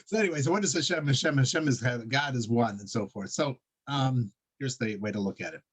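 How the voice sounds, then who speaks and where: A man's voice: mid-range voice, brisk, slightly rough, low-quality recording. Man, casual religious teacher on a video call, meandering and chuckly. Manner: rambling, with many fillers and chuckles. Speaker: Torah class teacher.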